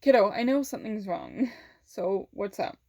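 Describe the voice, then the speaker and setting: A woman quoting a gentle, loving aunt. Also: mid-range voice, wildly swooping pitch, normal speed, vocal fry, full character voice. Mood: caring. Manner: soft, caring, reassuring. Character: loving, gentle aunt checking in on her niece.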